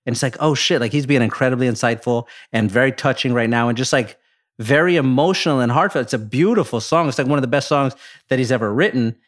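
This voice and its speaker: A man co-hosting a podcast in casual chat, excitable, laughing often and imitating sound effects. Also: medium pitch, quick pace. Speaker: podcast co-host.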